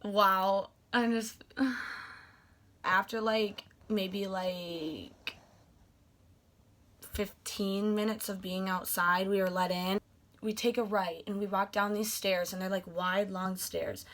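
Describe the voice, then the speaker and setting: A woman's voice: mid-range voice, slow pace, a little hiss or hum. A young woman vlogger telling a story in a casual, gushing way, acting out what she and her friends said. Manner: excited, gushing, acts out quoted dialogue.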